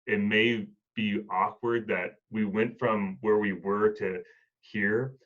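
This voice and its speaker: A man with a lowish voice tells stories from his hospice work in a relaxed talk, voicing the people in them as he goes. The recording sounds muffled and lo-fi. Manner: reflective, acts out dialogue in stories. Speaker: hospice and home health worker, former Marine. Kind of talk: casual storytelling conversation.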